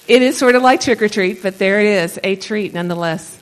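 A woman's voice: mid-range voice, brisk, few pauses, poor audio. A woman leading a Christian conference session, talking in a rambling, conversational way and laughing often between thoughts. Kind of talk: conversational teaching talk to a live audience.

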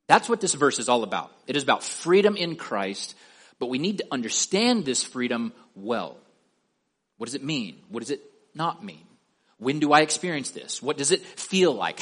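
A man delivers a sermon in a middle-pitched voice. He asks his listeners pointed rhetorical questions, then slows down and drops his voice to stress key words. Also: fairly bright tone. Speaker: preacher.

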